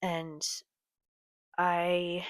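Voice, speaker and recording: A young woman talking casually to her camera late at night, halting with many ums and sighs. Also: fairly low pitch, monotone, no echo. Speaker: vlogger. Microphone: computer or phone camera.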